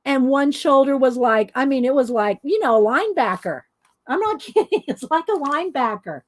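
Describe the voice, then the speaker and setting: A woman's voice: sits high, lively intonation, normal speed. A woman hosting a coloring video, casually telling rambling stories to her viewers with fillers and laughs. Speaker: adult coloring video host.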